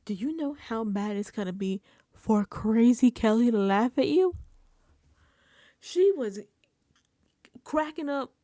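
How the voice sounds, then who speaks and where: A woman talking through a TV recap with an animated, emphatic delivery and a fairly high voice. She swears casually and now and then drops into a hushed, whispered aside. The sound is close and dry, with no room around it. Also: slow pace, pauses often, no room sound. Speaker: reality TV recap host.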